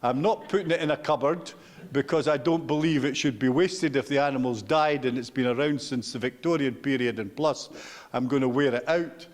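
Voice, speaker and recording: A man's voice: mid-range voice, a little fast, big-room sound. An older Scottish man giving a public talk, telling anecdotes with self-deprecating humour. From Scotland. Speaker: guest speaker. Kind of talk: public lecture with slides.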